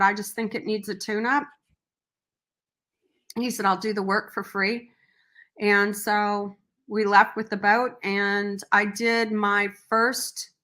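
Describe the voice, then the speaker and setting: Bright, animated middle-aged woman storyteller. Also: medium pitch. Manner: earnest, animated storyteller who acts out quotes. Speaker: podcast guest, nonprofit founder. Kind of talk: casual storytelling interview.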